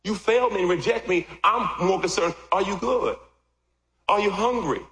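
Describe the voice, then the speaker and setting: A middle-aged man preaching a sermon, swinging from loud shouts to quiet asides. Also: normal speed. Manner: animated, jumps from loud shouts to low asides. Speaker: pastor. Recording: echoey hall with long reverb.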